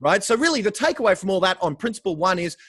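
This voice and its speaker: An Australian man in casual podcast chat as a guest real estate coach, animated, swearing casually and calling the host bro. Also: high-pitched, quick pace, husky, no room sound.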